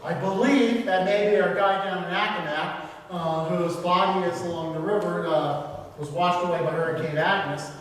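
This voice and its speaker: A man's voice: high-pitched, fairly even intonation, moderate pace, slight background noise. A man giving a local history talk, telling the story conversationally with filler words, recorded from a distance in a hall. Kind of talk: public history lecture. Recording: echoey hall from far off, faint ambience.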